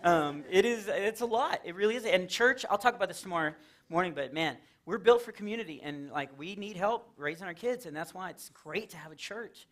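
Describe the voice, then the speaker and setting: A middle-aged man from Texas doing live Christian stand-up in a church, telling stories with lively acted-out quotes. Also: high-pitched, a little fast. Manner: animated storytelling with acted-out quotes and laughs. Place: church hall with a live audience.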